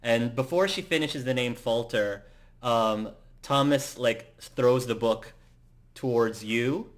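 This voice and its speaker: A male game master narrating a tabletop role-playing session. He talks slowly and in a halting way, with lots of pauses and restarts. His voice sits at an ordinary middle pitch.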